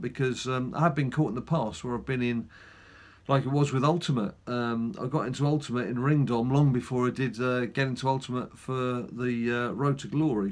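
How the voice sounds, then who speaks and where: A man hosting a gaming channel, chatting casually through a mobile game with lots of fillers and self-mocking asides. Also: medium pitch.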